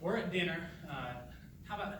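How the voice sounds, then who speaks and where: A man's voice: high voice, animated, brisk, far from the mic. A man playing an awkward grown son who hesitates with many uhs and sometimes bursts out. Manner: hesitant, full of uhs, bursts out when pushed. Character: awkward grown son, embarrassed by his mother. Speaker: grown son at a family dinner. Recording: echoey room, mic from afar, noisy.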